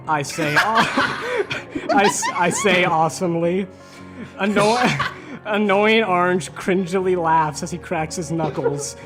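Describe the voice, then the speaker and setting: A man's voice: high voice, huge pitch swings, slow pace, loud music behind the voice. Mock-dramatic man with crude jokes. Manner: mock-dramatic, crude, laughing through lines. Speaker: podcast guest storyteller. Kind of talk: comedic storytelling.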